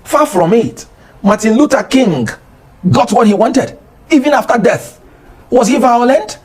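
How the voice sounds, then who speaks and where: Impassioned Nigerian man, husky and lively. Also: very high-pitched, a little slow. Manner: impassioned, rising to near shouting. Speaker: political guest. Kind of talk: heated political talk show interview.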